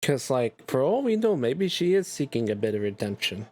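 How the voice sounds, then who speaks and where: A man chatting casually as a streamer, rambling and excitable. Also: medium pitch, normal speed. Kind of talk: casual chat over a game.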